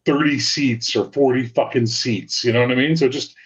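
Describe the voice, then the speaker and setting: A man's voice: medium pitch, steady tone, moderate pace, breathy edge. A Canadian man ranting profanely about politics in casual banter with friends. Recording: slightly dull lo-fi audio.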